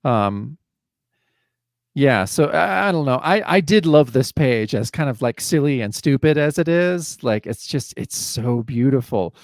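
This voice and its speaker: Male podcast co-host, mid-pitched, dry close sound, eager and rambling. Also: expressive, measured pace, dry recording. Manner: enthusiastic, many fillers and restarts. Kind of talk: casual comic book discussion.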